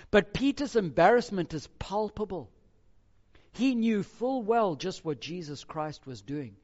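A man preaching a sermon verse by verse, emphatic, moving between loud stressed phrases and quiet, low asides. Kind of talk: expository sermon. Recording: dull lo-fi recording with hall reverb.

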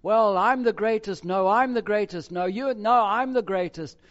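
A man preacher voicing an impulsive, boastful apostle in loud, emphatic outbursts. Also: high voice, normal speed, pitched above the performer's own voice, natural voice. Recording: dull lo-fi recording with hall reverb.

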